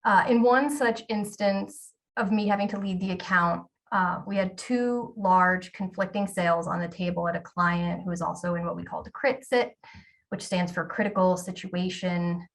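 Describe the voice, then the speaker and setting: A woman's voice: lowish voice, gravelly, recorded from a distance. A woman in her forties giving a candid, self-deprecating storytelling talk as a keynote speaker, with the odd filler um.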